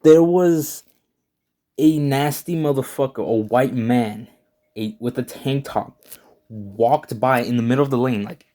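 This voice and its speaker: A young guy recounting something that happened to him, unhurried and loose. His voice sits at an ordinary middle pitch, and he keeps throwing in slang, curse words and a steady stream of "like". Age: young, student. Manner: laid-back, slangy, swears a lot, heavy use of "like". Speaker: storyteller, channel owner. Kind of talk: casual personal storytelling.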